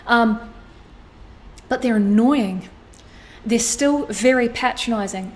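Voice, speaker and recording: A woman's voice: on the high side, slow pace. Frank woman giving a reading. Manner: animated, frank, swears casually. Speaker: astrology tarot reader. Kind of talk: intuitive reading to camera.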